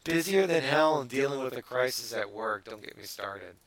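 Bright-voiced man hosting a podcast. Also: medium pitch, moderate pace. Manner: teasing, animated, many restarts. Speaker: podcast host. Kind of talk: casual comedy podcast chat, reading news.

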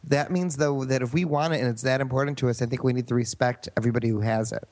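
A man's voice: medium pitch, fairly even intonation, fast talker, darkish tone. A man on a comedy podcast, making an earnest point in casual chat. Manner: earnest, opinionated. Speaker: podcast guest.

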